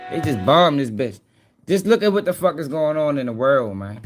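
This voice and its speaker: A man hosting a casual reaction commentary, profane and excitable, talking straight to his viewers. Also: a little high, moderate pace, soft background music. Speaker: news commentary host.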